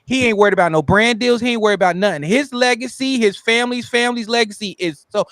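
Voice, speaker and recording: A man's voice: extremely high pitch, quick pace, a bit bright, no echo. A man co-hosting a podcast, talking in a heated, sarcastic, opinionated way. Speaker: podcast co-host. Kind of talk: casual opinionated chat.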